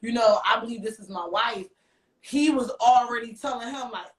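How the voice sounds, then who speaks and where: Telling a story casually as a podcast guest, a woman acts out quoted dialogue in an animated way. Her voice sits on the high side at a normal speed, but the mic is distant, so she sounds off-mic in an echoey room.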